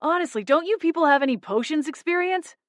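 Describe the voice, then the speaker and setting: A woman's voice: sits high, lively intonation, fast, dry recording, studio quality, voice pushed up. A woman voicing a scheming male elf who sneers and resents being passed over. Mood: resentful. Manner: sneering, scornful.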